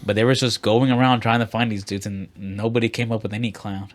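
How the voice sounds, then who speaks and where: A man's voice: lowish voice, flat delivery, brisk. A man co-hosting a podcast, telling long rambling stories in casual, profane chat. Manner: profane, rambling storytelling with many fillers. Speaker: podcast co-host.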